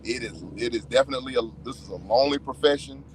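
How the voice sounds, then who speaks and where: Halting male truck driver. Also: medium pitch, a little hiss or hum, rough recording. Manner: halting, many restarts. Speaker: owner operator truck driver. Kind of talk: casual podcast chat.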